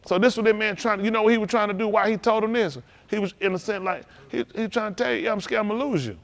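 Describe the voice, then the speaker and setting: A man's voice: high-pitched, fast. A middle-aged man preaching a sermon, calling out to the congregation and teasing young listeners. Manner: animated, calls to the congregation, teasing asides.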